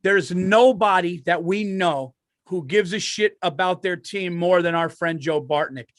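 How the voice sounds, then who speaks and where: A man's voice: high-pitched, measured pace, no room sound, clean studio sound. A man co-hosting a comedy podcast in casual chat, rambling and self-deprecating with many restarts. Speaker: podcast co-host.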